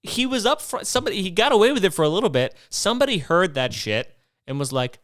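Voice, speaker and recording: Young male podcast host, comic rant, swears a lot, smooth clear voice, dry close mic. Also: high voice, very animated, quick pace, a bit bright, dry recording. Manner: profane, rambling, rhetorical questions. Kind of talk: comedic rant monologue.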